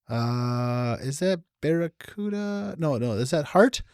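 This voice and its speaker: Male podcast co-host, a bit high-pitched, quick with self-amused jokes. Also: lively intonation, darkish tone, clear, resonant tone, no echo, studio quality. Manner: jokey, laughs at his own jokes. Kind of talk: casual chat.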